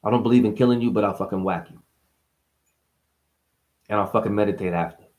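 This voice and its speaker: A man putting on a gruff Jersey mafia guy. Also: lowish voice, fast talker, darkish tone, voice pushed down, lightly acted. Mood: gruff bravado. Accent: New Jersey. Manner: gruff, profane, menacing bravado. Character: tough middle-aged male New Jersey mafia guy, profane.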